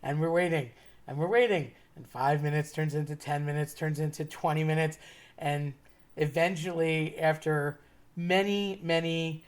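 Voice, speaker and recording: A woman's voice: deep voice, steady tone, normal speed. A woman telling a casual personal anecdote in a chatty way, laughing now and then as she talks. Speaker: storyteller.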